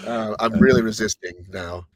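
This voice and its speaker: A man's voice: on the low side, moderate pace, no room sound, studio quality. A middle-aged American man hosting a casual podcast interview, chatty and teasing. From United States. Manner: chatty, teasing, lively questions. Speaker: podcast host.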